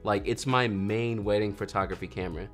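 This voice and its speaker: A man in his 30s from North Carolina, USA, hosts a photography livestream, talking fairly quickly in a lowish voice. He's lively and jokey, reading viewers' messages aloud and acting out quotes, with faint music behind.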